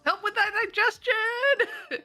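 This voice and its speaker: Bright, giggly young woman streamer. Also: very high voice, very animated, slow, faint music behind. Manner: giggly, laughs often, teasing. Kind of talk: casual let's-play chat.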